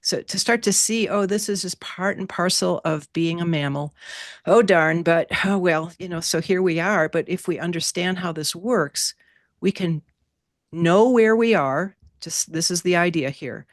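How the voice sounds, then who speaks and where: Animated woman teaching an online class. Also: lowish voice, measured pace, no echo, studio quality. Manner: animated, playful, repeats key words. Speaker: workshop teacher. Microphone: video call.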